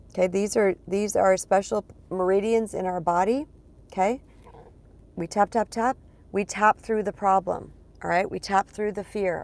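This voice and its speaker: A woman with a lowish, gravelly voice talks straight to her viewers as a spiritual coach. Her delivery is loose and chatty, hammering points home by repeating words and calling the audience "you guys.". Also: a little mellow. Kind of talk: casual vlog monologue.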